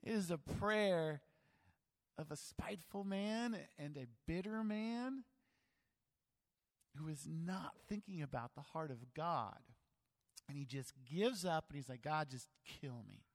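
A man preaches to his church, animated, slipping into playful voices and poking fun at himself. His voice sits a little high for a man. The sound carries a long reverb from the hall. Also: slow pace, pauses often. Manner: animated, acts out voices and jokes about himself. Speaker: pastor. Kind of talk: sermon.

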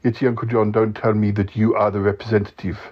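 A man's voice: lowish voice, level tone, fast talker, husky. A man hosting a comic podcast skit, fretful and easily worried. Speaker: podcast host. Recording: dull lo-fi recording.

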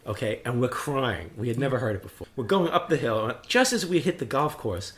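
A man co-hosting a casual chat, an animated storyteller who acts out quotes and laughs often. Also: medium pitch, brisk. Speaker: podcast co-host.

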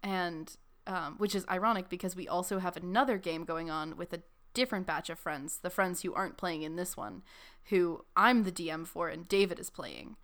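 Chatty young woman, animated podcast talk. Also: on the low side, normal speed. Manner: animated, talkative, many filler likes. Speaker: podcast co-host. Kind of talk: casual chat.

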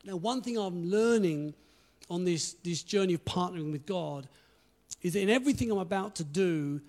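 A man's voice: sits high, lively intonation, normal speed, a little mellow. A man preaching a conversational, encouraging sermon and reading scripture aloud. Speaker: pastor.

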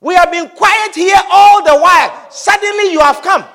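A man's voice: very high-pitched, moderate pace, creaky, sharp tone, big-room sound, voice pushed up, full character voice. A man preaching who voices unclean spirits crying out and pleading to be left alone. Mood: protesting. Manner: pleading, outraged outcry in archaic speech.

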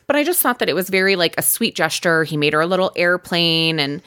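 A woman's voice: fast talker, clean tone. A woman co-hosting a podcast, chatting casually and giggling as she recaps a dating show. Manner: chatty, giggly, animated swoops in pitch. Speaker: podcast co-host.

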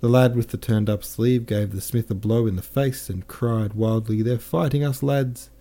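A man narrates a classic novel in a measured, careful reading, pausing to correct the odd slip. His voice is low and strikingly dark and mellow. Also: fairly even intonation. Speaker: audiobook narrator.

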